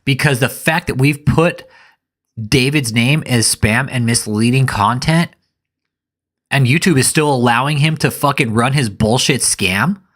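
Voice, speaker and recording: A man's voice: mid-range voice, measured pace, a bit bright. A man giving live reaction commentary in an angry, profane rant.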